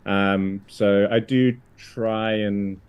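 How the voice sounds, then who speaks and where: A man, a guest on a casual live-stream chat about photography. He speaks haltingly, with many restarts. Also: on the low side, steady tone, clear, resonant tone. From United Kingdom.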